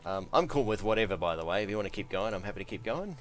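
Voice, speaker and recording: Laid-back low-voiced gamer man. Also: expressive, racing, slight background noise. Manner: laid-back, joking, swears casually. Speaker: streamer playing a shooter game with friends. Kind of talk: casual gaming chat. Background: game music.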